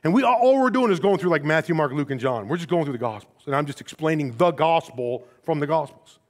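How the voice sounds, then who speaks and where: A middle-aged man preaching a sermon in a casual, animated storytelling way, dropping to quiet asides and rising for emphasis. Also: fairly high pitch, brisk. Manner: conversational, casual phrasing with restarts.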